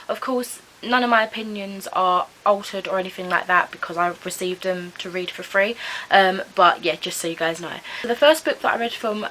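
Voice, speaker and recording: Bright-voiced chatty woman vlogger. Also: medium pitch, a little hiss or hum, poor audio. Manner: chatty, rambling, heavy use of "like" and "kind of"; hedging, unsure of name pronunciations. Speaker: book vlogger. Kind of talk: casual book review vlog.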